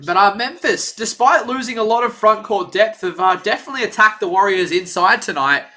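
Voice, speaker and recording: A young man from Australia, hosting a casual live play-by-play stream and talking in a chatty, rambling, excitable way. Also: high voice, a little fast. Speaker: livestream play-by-play host.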